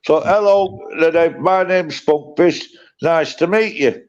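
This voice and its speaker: A man's voice: on the high side, slow, a little mellow, muffled recording. A drunk man with a North East English accent, calling into a livestream, swearing and threatening aggressively. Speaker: livestream caller. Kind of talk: heated livestream argument.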